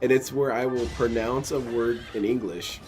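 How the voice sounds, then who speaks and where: A laid-back man in a middle register telling anecdotes and deadpan jokes in loose, casual chat. He rambles and restarts as he goes, and a bit of music plays softly behind him. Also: medium pitch, moderate pace.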